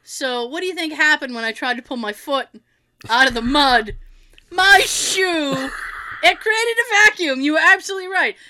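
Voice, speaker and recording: A woman telling a funny story in a casual chat, animated and laughing often. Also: high-pitched, normal speed.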